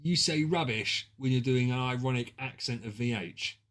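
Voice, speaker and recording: A British man streaming a drawing game, chatting casually with friends and reacting loudly to their guesses. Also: mid-range voice, normal speed. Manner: excitable, banter-heavy and sweary, reacting to guesses. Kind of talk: casual gaming stream chat.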